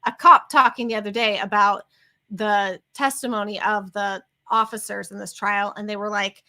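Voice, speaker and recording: A woman's voice: medium pitch, steady tone, moderate pace, bright, forceful tone. A woman co-hosting a casual livestream chat, talking in long, rambling tangents. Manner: chatty, wanders into tangents. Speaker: co-host.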